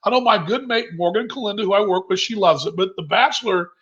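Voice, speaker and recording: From his kitchen at home, a man keeps a virtual happy hour going, rambling along and reading out the comments viewers send in. His voice sits high with a fairly bright tone and a quick pace, and the video call audio comes through dull and lo-fi.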